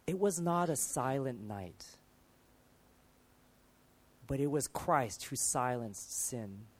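A man preaching a sermon, building through emphatic rhetorical questions and dropping to quieter moments. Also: medium pitch, animated, slow.

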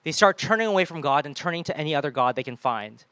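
A man preaching a sermon in a lively way, often acting out the people and voices he quotes. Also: a little high, quick pace, no echo. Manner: animated, acts out quoted voices.

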